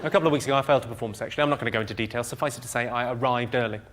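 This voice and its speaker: A man doing stand-up comedy on stage before a live audience, delivering one-liners in a dry, deadpan way. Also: medium pitch, racing. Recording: loud noisy live audience recording.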